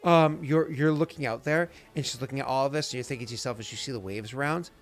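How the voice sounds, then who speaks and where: A man's voice: mid-range voice, fast talker, faint music behind. A man narrating as game master, rambling, with restarts and sounds acted out. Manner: rambling, many fillers and restarts, vivid sound effects.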